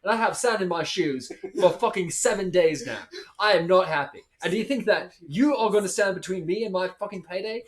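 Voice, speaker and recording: A man's voice: high voice, animated, brisk. Profane, ranting male player. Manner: profane, heated rant. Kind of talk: in-character ranting at a tabletop game.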